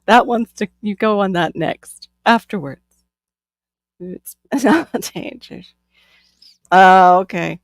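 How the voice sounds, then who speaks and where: Host, woman from Florida, giggly and chatty, mid-pitched, dry close mic. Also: slow pace, long pauses, no echo. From Florida, USA. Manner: giggly, chatty, laughs often. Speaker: channel host. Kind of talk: casual livestream chat.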